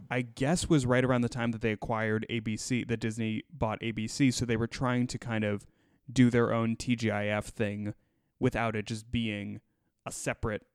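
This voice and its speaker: Podcast co-host, male, smooth clear voice, upbeat and chatty, dry close mic. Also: mid-range voice, no room sound. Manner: animated, enthusiastic, laughs often. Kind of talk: casual chat.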